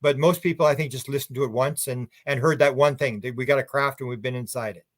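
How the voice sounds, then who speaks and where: A man's voice: medium pitch, fairly even intonation, fast. A man guest on a radio talk show, telling rambling anecdotes with many restarts. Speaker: UFO researcher guest. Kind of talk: casual radio interview chat.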